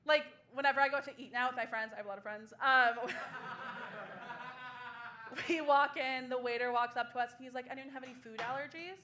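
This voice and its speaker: A woman's voice: sits high, steady tone, brisk, long pauses, crowd noise. A woman in her twenties doing a sardonic, self-mocking stand-up comedy set on a small club stage.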